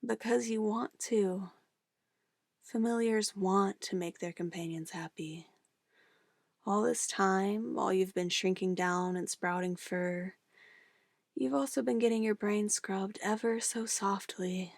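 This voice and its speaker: A woman's voice: medium pitch, flat delivery, unhurried, gravelly, hardly any pauses, dry recording. Woman doing a possessive witch, whispered role-play, coaxing and controlling, close and dry. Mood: coaxing menace. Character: possessive yandere witch, sweetly menacing.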